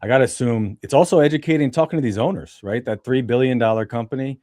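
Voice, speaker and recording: A man's voice: medium pitch, quick pace, darkish tone, no echo, clean studio sound. A man hosting a podcast interview. He talks conversationally, often with "you know" fillers as he asks questions. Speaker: podcast host.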